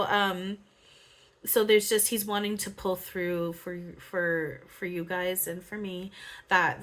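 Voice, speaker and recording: Rambling casually through a spiritual monologue, this woman channeler uses many fillers and giggles often. Her voice sits on the low side with a fairly bright tone.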